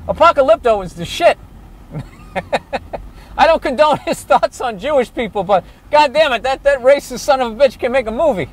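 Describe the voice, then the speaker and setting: A man doing comedy as he walks a city street outdoors, ranting loudly and sarcastically and swearing constantly. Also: very high-pitched, animated, normal speed. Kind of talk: profane ranting walking tour.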